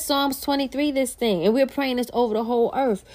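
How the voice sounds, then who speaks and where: A woman's voice: high voice, a little fast, hardly any pauses. A woman hosting a Christian podcast, talking casually about faith and reading scripture aloud, using slang as she goes. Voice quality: animated, conversational preaching with slang. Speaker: podcast host.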